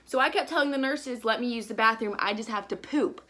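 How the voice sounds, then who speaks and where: A woman's voice: on the high side, brisk, bright, forceful tone. A young woman telling a casual, chatty story in a vlog, with lots of "like"s and bits of baby talk. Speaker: vlogger and new mother.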